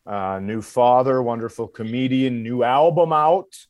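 A man's voice: medium pitch, unhurried, darkish tone, dull audio. A man co-hosting a comedy podcast, riffing in a loose, joking way and laughing often. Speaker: podcast co-host. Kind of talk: casual comedic chat.

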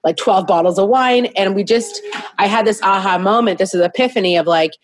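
A woman's voice: mid-range voice, fairly quick, no echo. A woman in her thirties, a business founder, telling her story as a guest in a casual interview from her home in a candid, chatty and self-deprecating way.

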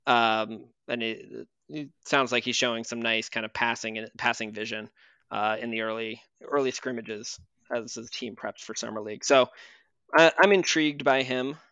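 A man's voice: medium pitch, fairly even intonation, normal speed, pushed and bright, smooth, dry recording. A man co-hosting a casual basketball podcast, talking loosely with fillers and restarts. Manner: conversational with frequent fillers and restarts. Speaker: podcast co-host.

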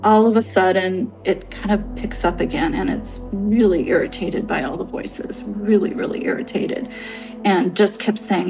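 A woman telling her own paranormal story on a podcast, halting and earnest, full of fillers as she searches for words. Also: mid-range voice, fairly even intonation, creaky, over music. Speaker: storyteller guest.

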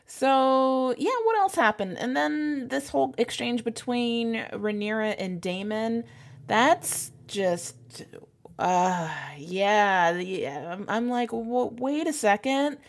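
A woman's voice: fairly high pitch, slow, creaky. A woman chatting casually in a TV recap, laughing often and acting out characters' lines. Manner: animated, laughs often, quotes characters in put-on voices. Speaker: co-host.

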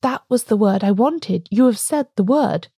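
A woman's voice: mid-range voice, moderate pace, mellow, dry recording, studio quality, close to an everyday voice. A woman reading a storybook voicing an agitated, stammering male curate. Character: nervous excited male curate, feverish.

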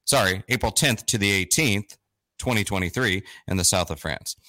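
A man's voice: lowish voice, moderate pace, bright, forceful tone, no room sound. A man hosting a live-streamed interview, chatty and self-deprecating, with frequent fillers and restarts. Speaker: host.

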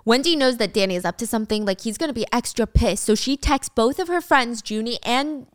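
A young woman hosting a casual show, recapping a drama with animated storytelling. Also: fairly high pitch, fairly quick, clean tone, no room sound, studio quality. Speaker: host.

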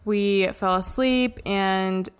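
A woman in her thirties, co-hosting a podcast, telling a family story in a lively way, laughing often and jumping in to finish her partner's sentences. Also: medium pitch, slow, clear, resonant tone. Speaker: podcast co-host. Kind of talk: casual storytelling.

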